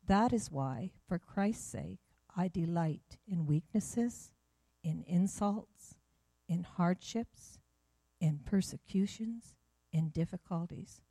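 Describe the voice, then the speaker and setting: Slow, mellow woman reading scripture. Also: fairly low pitch, gravelly, breathy edge, no room sound. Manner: measured, steady reading. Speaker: scripture reader.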